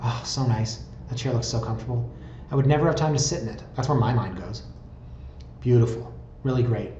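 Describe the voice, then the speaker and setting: A man's voice: mid-range voice, a little fast, mellow, a little hiss or hum. A man, a real estate blogger, talks casually through home listings with sarcastic asides and frequent tangents. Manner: chatty, sarcastic, prone to tangents. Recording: roomy, slightly dull recording.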